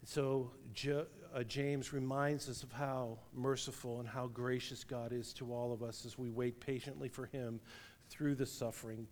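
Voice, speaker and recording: A middle-aged man preaching a sermon, telling a lively story and laughing at his own tale. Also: mid-range voice. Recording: long reverb of a large hall.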